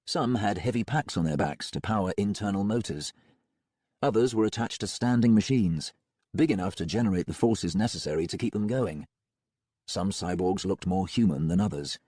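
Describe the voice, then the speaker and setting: Husky low-voiced male audiobook narrator. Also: normal speed, mellow, no echo, clean studio sound. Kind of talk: first-person audiobook narration.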